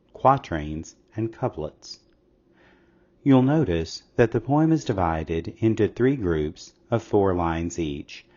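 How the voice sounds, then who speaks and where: A man narrating a scripted English lesson in a slow, measured, explanatory way. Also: sits low, darkish tone. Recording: slightly dull lo-fi audio.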